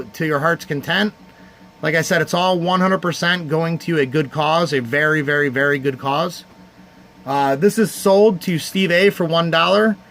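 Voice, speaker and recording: Man, livestream host, from Cleveland, slightly higher voice, heartfelt, rambling, faint room noise. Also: a bit bright. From Cleveland area, United States. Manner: heartfelt and rambling, thanking viewers by name. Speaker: livestream host running a charity card auction. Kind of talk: casual livestream chat.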